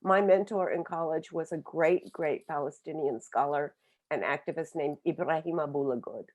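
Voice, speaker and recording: Older woman, 70s, lowish voice, earnest reflective storyteller speaking on a video call. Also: darkish tone. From Oklahoma, USA. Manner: earnest, reflective, with frequent pauses and restarts. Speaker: book author speaking on a webinar. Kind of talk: personal storytelling.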